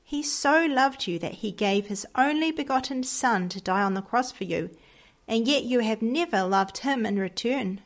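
A woman reading the lines of an earnest, pious lady who gently reproaches a stranger, with a slightly gravelly voice. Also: a little high, expressive, moderate pace. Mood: reproachful.

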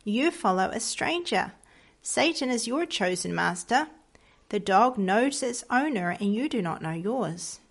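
A woman reading the lines of an earnest, pious lady who gently reproaches a stranger, with a slightly gravelly voice. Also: fairly high pitch, lively intonation, a little slow. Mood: reproachful.

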